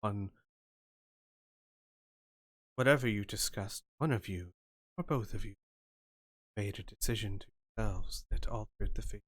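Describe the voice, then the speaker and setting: A man voicing a cryptic female seer, speaking soft and halting in a tabletop game. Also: very deep voice, no room sound.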